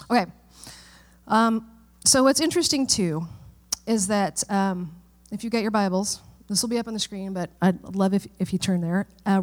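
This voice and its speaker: A woman's voice: mid-range voice, a little mellow. Conversational woman pastor preaching. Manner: conversational, checks in with the room. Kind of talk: sermon. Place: church.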